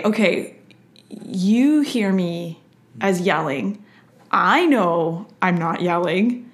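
A woman's voice: medium pitch, unhurried. A woman, a guest parent on a parenting panel, speaking earnestly in a casual discussion. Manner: earnest, acts out quotes.

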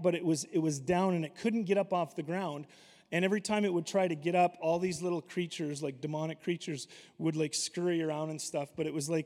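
A man's voice: high-pitched, a little mellow, in a large hall. A man preaching to a congregation, telling a story animatedly and acting out the voices of the people in it. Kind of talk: sermon storytelling.

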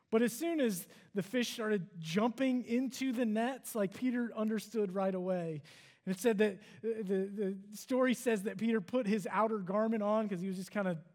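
A man's voice: sits high, a little mellow. A man giving a sermon, retelling a story in an earnest, conversational way with casual fillers. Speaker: preacher.

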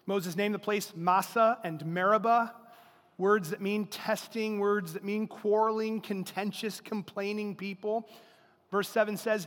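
A man preaching a sermon as pastor, animated and acting out quotes as he speaks. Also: high-pitched, unhurried, long reverb tail. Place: church sanctuary.

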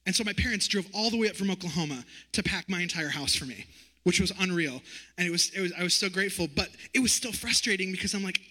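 A man in his thirties gives a personal testimony in the manner of a sermon, telling his story vividly and acting out the dialogue. His voice sits high for a man and sounds very bright and forward. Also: fast. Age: 30s. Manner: animated storytelling, acts out quoted dialogue.

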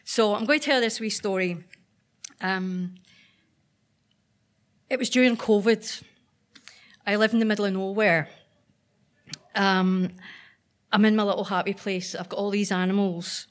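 A woman's voice: mid-range voice, fairly even intonation, unhurried, long pauses. A Northern Irish woman telling a true personal story on stage at a live event, chatty and self-deprecating with frequent ums.

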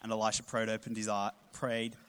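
A man, preaching a sermon with humorous storytelling and animated emphasis. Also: fairly low pitch, a little fast, clean tone. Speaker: pastor.

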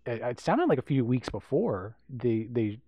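A man's voice: mid-range voice, big pitch swings, normal speed, dark tone, husky, no echo. A man co-hosting a podcast, chatting casually about a film, rambling with lots of fillers and restarts. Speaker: podcast co-host.

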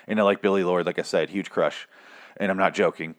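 A man's voice: deep voice, steady tone, fairly quick. Rambling, profane man recapping a show. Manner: rambling, profane, self-mocking, stumbles over words. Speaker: TV recap podcaster. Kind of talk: casual recap monologue.

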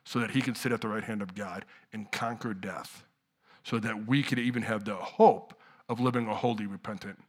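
A middle-aged man preaching a sermon to his church in a conversational way, dropping to hushed lows and rising to loud outbursts. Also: fairly even intonation, normal speed. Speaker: pastor.

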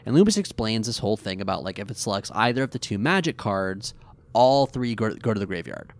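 A man co-hosting a podcast, casually recapping an episode in an animated, rambling way with fillers. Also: lowish voice, brisk, dry recording.

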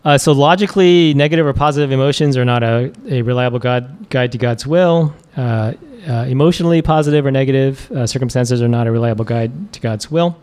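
A man's voice: mid-range voice, fairly quick, few pauses, darkish tone. A man preacher giving a casual, conversational sermon, chuckling often and using many fillers.

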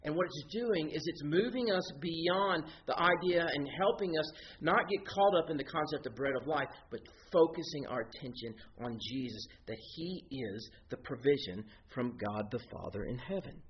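A man with a fairly high voice preaches, rising and falling animatedly as he explains scripture. The recording sounds dull and lo-fi, with faint noise underneath. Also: moderate pace. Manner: animated teaching, explaining Greek words step by step. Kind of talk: expository sermon.

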